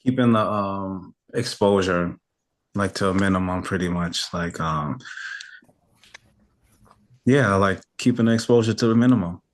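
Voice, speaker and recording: A man's voice: low-pitched, a little slow, long pauses. A male student answering a teacher's question, hesitant and full of fillers.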